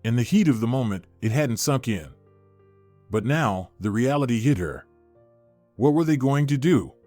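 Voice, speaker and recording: A man narrating a family story in a steady storytelling manner. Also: mid-range voice, normal speed, no echo, faint music behind. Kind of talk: scripted narration.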